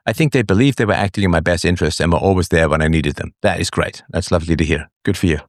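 A man's voice: deep voice, rapid-fire, dry recording, clean studio sound. A man hosting a live call-in talk show, musing and chatty, with many fillers and asides. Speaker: show host.

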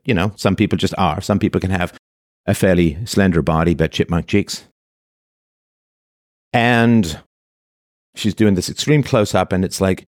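A man's voice: sits low, no echo, studio quality. A man delivering a monologue of commentary in a sarcastic manner, now and then mocking the voices of the people he quotes.

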